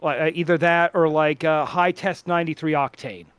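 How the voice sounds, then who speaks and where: A man's voice: fairly high pitch, steady tone, moderate pace, a bit bright, smooth, dry recording. Rambling man on a podcast. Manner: rambling, many restarts and fillers. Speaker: podcast co-host. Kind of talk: casual chat among friends.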